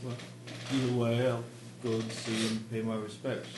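A man playing a tabletop game, speaking in character in a quiet, solemn manner. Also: mid-range voice, level tone, normal speed, background noise. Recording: roomy table recording, people nearby.

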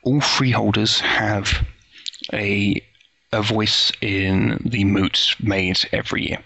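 A man's voice: lowish voice, fairly even intonation, takes it slowly, creaky, bright, forceful tone, dry recording. A man acting as game master over a voice call, explaining the setting at length with many fillers and restarts. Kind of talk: casual tabletop game narration. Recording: lo-fi voice call audio.

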